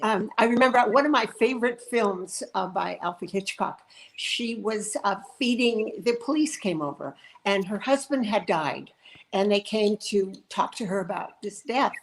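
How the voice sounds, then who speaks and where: A woman's voice: mid-range voice, expressive, normal speed, rough recording. A woman guest reminiscing casually, laughing often and repeating words for emphasis. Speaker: guest actor.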